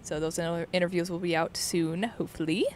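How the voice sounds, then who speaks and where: A woman's voice: lowish voice, steady tone, fairly quick, darkish tone, a little hiss or hum. A young woman co-hosting a podcast, chatting in a friendly, playful, self-deprecating way. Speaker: podcast co-host. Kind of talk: casual podcast chat.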